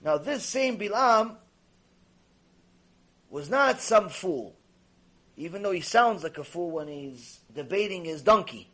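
Man, high-pitched, rabbi lecturing on Torah, playful storyteller who acts out voices. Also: takes it slowly, long pauses. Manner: animated, acts out dialogue, conversational with Hebrew terms.

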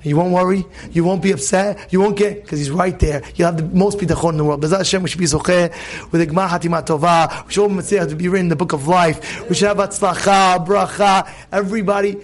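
Animated high-voiced rabbi preaching. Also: male voice. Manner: animated, rhetorical questions, emphatic. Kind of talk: sermon.

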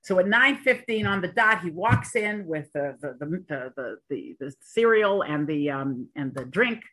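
A woman's voice: on the low side, animated, unhurried, sharp tone, husky. A woman giving an earnest storytelling Torah talk, mixing in Hebrew and Yiddish terms with chatty asides. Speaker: Torah teacher.

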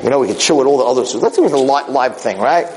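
A man giving a casual, animated Torah talk, telling a parable with quick asides. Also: mid-range voice, a little hiss or hum, rough recording. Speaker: rabbi lecturer.

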